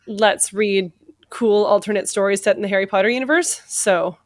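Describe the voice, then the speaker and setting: A woman's voice: mid-range voice, moderate pace, no room sound, clean studio sound. A woman on a comedy podcast panel, reading fan fiction aloud in a giggly, mock-dramatic way.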